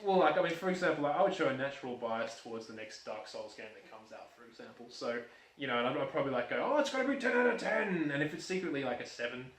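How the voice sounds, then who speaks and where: An Australian man chatting fast about games, tripping over his own restarts and laughing easily. His voice sits at a middle pitch and comes from some way off the mic in a roomy, echoey space with faint background hum. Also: lively intonation. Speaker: co-host. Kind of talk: casual review chat. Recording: echoey room, far from mic.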